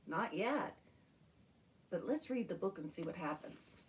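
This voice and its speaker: A woman teaching a children's music and movement lesson in a gentle, encouraging way. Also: on the low side, animated, far from the mic, slight background noise. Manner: slow, gentle, encouraging, talks to young children.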